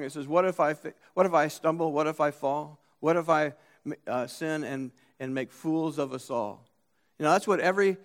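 A man's voice: on the high side, in a large hall. A man preaching a sermon in a church, telling stories with emphatic, acted-out quotes and frequent restarts. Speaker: pastor. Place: church sanctuary.

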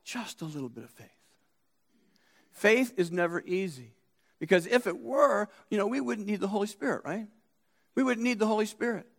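A man's voice: sits high, lively intonation, normal speed, creaky, long pauses, in a large hall. A man preaching a sermon in a church, telling stories with emphatic, acted-out quotes and frequent restarts. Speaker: pastor. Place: church sanctuary.

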